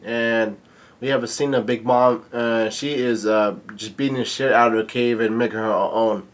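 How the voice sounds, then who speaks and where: Man, casual comic read-along, halting, lots of fillers, medium pitch. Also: fairly even intonation. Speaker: channel host reading a comic aloud.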